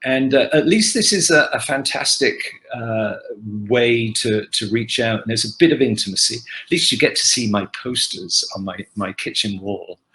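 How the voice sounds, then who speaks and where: Older man, guest actor on a video call from home, lively storyteller, bright and forceful tone. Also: mid-range voice, moderate pace, rough recording. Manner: animated anecdotal storytelling. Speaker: guest actor answering fan questions. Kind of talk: casual virtual panel Q&A. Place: home kitchen.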